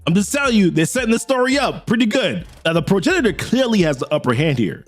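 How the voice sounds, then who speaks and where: Man, comic recap host, animated pitch, chatty asides, faint music behind. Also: quick pace. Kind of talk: casual comic story recap.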